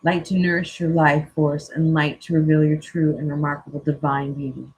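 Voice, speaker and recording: A spiritual coach reading an inspirational text aloud in a slow, earnest way, teary-eyed and stopping now and then for casual joking asides. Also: medium pitch, flat delivery, slight background noise, rough recording.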